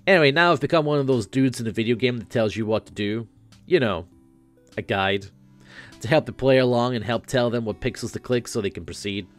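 A man puts on a slightly higher, louder voice than his natural one to play a floating teenage boy. The character is laid-back and rambling, serving as a game guide who knows he's in a game.

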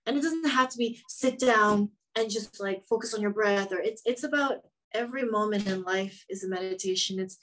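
A woman guest on a podcast speaks in a reflective, loose manner, circling her thoughts with many "like"s and restarts. Her pitch sits in a middle range. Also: normal speed, few pauses, a bit bright, poor audio. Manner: reflective, rambling with many fillers. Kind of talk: casual conversation.

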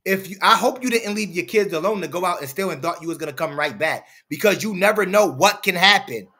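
A man's voice: sits high, brisk, bright, forceful tone. A man hosting a commentary channel, lecturing his audience in a preachy, repetitive way. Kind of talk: opinion commentary over footage.

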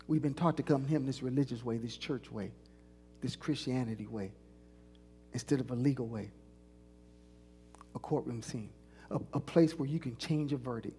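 A woman's voice: very deep voice, normal speed, pauses often, warm tone, soft background music. A woman pastor preaching a sermon, leading call-and-response and stretching out key lines for emphasis. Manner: call-and-response preaching, prompting the congregation to repeat phrases. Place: church sanctuary. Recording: long church reverb.

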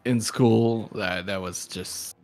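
A man with a low-set voice talks slowly and casually on a live stream. He rambles and pokes fun at himself, laughing often. Faint music plays behind him. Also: fairly even intonation, a little mellow. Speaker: livestream host.

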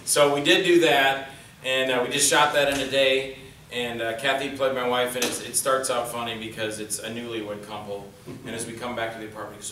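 A man's voice: mid-range voice, flat delivery, brisk. A man on a convention panel telling rambling filmmaking anecdotes and acting out the quoted lines in put-on voices. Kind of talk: casual storytelling on a panel. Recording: roomy hall mic, heard from a distance, faint noise.

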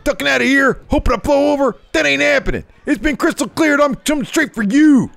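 A blunt, threatening brute of a wrestler, as a man does his voice. The voice sits very high for a man and has a gravelly edge. He talks in short, hard warnings. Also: brisk, a bit bright, no echo, heavily acted. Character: huge, menacing male wrestler, blunt. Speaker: gamer doing an impression.

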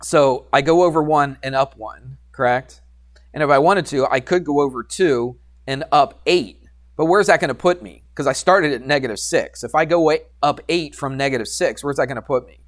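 A man teaching algebra to a class, animated and teasing, coaxing students with questions. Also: mid-range voice, moderate pace. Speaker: high school math teacher. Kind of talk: classroom lecture.

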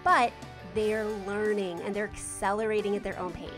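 A woman's voice: mid-range voice, fairly even intonation, normal speed. A woman podcast host doing an enthusiastic sponsor read. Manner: upbeat, enthusiastic endorsement. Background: clear music.

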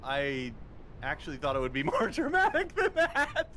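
A woman's voice: deep voice, wildly swooping pitch, normal speed, fairly bright tone, a little hiss or hum. A woman in a casual let's-play with friends, giggling and teasing, firing off incredulous questions.

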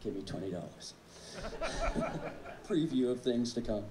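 A man, a drummer, telling relaxed, wry anecdotes in a tribute speech on a live club stage. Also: mid-range voice, slow, heavy background noise. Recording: echoey club with faint ambience.

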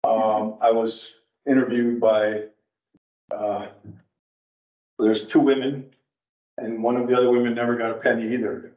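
A man speaking as a guest at an adult education class, wandering from point to point in an animated, storytelling way. He sounds distant from the mic in a roomy church space. The recording is dull and lo-fi. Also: medium pitch, measured pace, long pauses. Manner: rambling, digressive, animated storyteller. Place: church meeting room.

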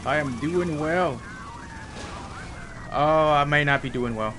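A man giving excitable live gameplay commentary, yelping, laughing and calling out to a teammate. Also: on the high side, slow pace. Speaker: gamer streaming gameplay. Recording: loud game sirens and traffic behind. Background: game sirens and vehicle noise.

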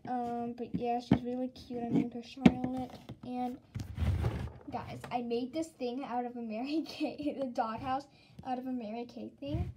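A woman's voice: fairly high pitch, flat delivery, unhurried, heavy background noise. A woman from the Southern United States giving a casual show-and-tell tour of her toy collection, rambling and giggly, with lots of "um" and "like".

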